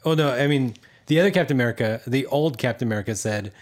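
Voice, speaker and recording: A man talking casually with friends about a film he loves. He jumps in with extra details and quick corrections, laughing along as he goes. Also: mid-range voice. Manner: chatty fan, adds details and corrections. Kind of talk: casual movie discussion.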